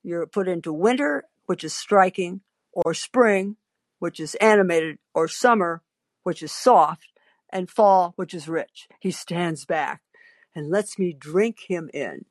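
A woman's voice: lowish voice, takes it slowly, no echo. A woman hosting a podcast, telling a story in a wry, theatrical way and acting out the lines of the people in it. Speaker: podcast host. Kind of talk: storytelling monologue.

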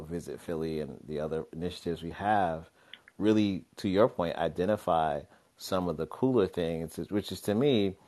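A man co-hosting a podcast in casual chat, animated and laughing often, slipping into playful voices. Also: low-pitched. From Philadelphia. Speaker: podcast co-host.

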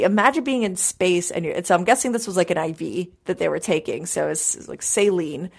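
Young female podcast host, relaxed and chatty, informal delivery. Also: lowish voice. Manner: chatty, upbeat, many fillers. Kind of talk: casual live podcast monologue.

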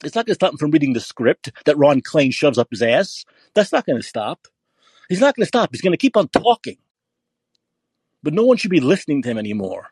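A man's voice: a little high, big pitch swings, brisk, a little mellow, husky, no echo. Profane, ranting male podcast host. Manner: angry, profane, repetitive ranting. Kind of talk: political rant.

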